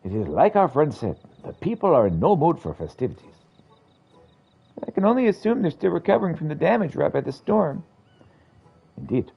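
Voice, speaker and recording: A man's voice: on the high side, fairly quick, vocal fry, pauses often, slightly rough. A man streaming a game playthrough, reading the characters' lines aloud in changing voices and accents. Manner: animated, switches into different voices and accents for each character. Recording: dull lo-fi stream audio with faint game music.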